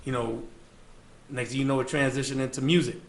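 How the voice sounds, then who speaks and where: In an echoey room with a little background noise, a guest from the Bronx tells rambling, slang-heavy stories full of fillers for a casual interview. His New York-accented voice sits at medium pitch, with fairly even intonation and a fairly quick pace.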